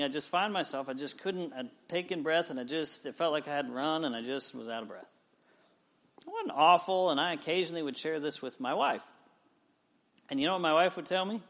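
A man in his forties, a pastor, preaching a sermon and telling a personal story with lively swings from loud to quiet. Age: 40s. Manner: storytelling with wide swings in pitch and loudness.

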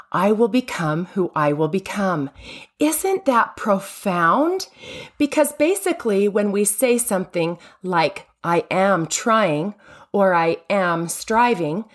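Podcast host, female, earnest devotional delivery with emphatic pauses, mid-range voice. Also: medium pitch. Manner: earnest, emphatic, lingers on key phrases.

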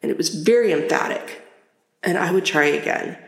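A middle-aged woman tells stories on her own podcast in a low, conversational voice. Her delivery is reflective and grows lively as she relives scenes. The recording has a roomy echo around her. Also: normal speed, gravelly. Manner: conversational, reflective and animated when retelling. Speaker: podcast host. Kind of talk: personal storytelling podcast.

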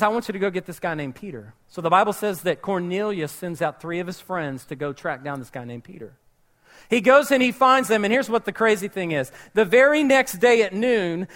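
A man with a high voice preaches to his congregation. He tells the story with lively, animated storytelling and slips into the voices of its characters. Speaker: pastor. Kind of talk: sermon.

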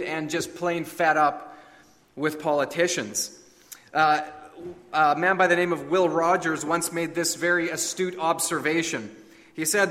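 A man preaching as a pastor, praying earnestly before his sermon with frequent pauses and fillers. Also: a little high, fairly bright tone. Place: church sanctuary. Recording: long reverb of a large hall.

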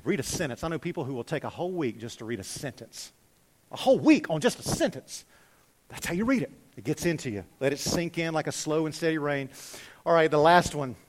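Pastor, male, higher voice, lively sermon delivery, loud peaks then soft asides. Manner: animated, swings from loud exhortation to hushed.

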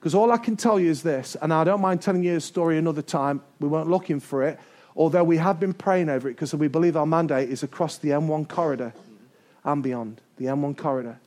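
A man preaching a sermon to his church, energetic and building to shouts, with joking asides. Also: fairly high pitch, fast talker. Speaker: pastor. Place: church service before a congregation.

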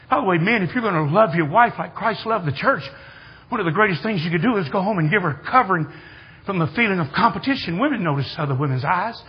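An older man preaching a sermon in a church, telling folksy stories and building to excited shouts. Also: sits high, fast, breathy edge, dull audio. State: hard of hearing. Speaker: guest preacher. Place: church sanctuary.

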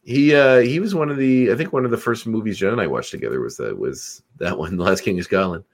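A man with a low voice trades quick guesses in a casual podcast chat as co-host. His delivery is lively, and he teases and grumbles playfully.

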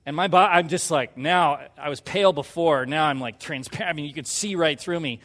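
A man preaching a sermon, telling a personal story and acting out quoted lines in a hushed voice before pushing to loud emphasis. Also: fairly high pitch, fairly quick, in a large hall. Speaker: pastor.

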